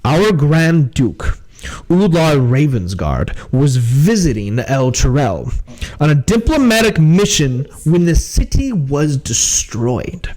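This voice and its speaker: A man doing a gruff, harried guard captain. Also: fairly high pitch, sing-song, takes it slowly, a little mellow, poor audio. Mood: grave.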